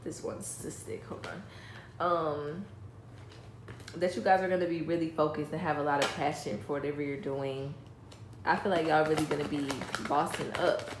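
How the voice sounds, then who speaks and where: A woman's voice: low voice, fairly even intonation, moderate pace. A woman giving a casual, chatty tarot reading, talking straight to her viewers with enthusiasm. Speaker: tarot reader. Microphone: voice-over, face not shown. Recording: echoey room with clicking noise.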